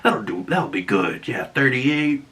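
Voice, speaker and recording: A man voicing an unstable young male stalker in a quick impression, coaxing and mock-calm. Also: medium pitch.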